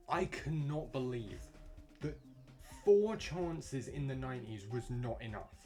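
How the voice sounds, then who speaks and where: A young man, giving frustrated, swear-filled commentary on his own gameplay. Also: medium pitch. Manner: frustrated, swearing rants to himself. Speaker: gamer. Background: music.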